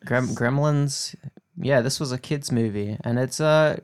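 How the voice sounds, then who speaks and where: A man with a middle-pitched voice co-hosts a casual movie chat. He talks in a relaxed, rambling way and fills his sentences with "like" and "uh". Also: measured pace, smooth. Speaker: podcast co-host.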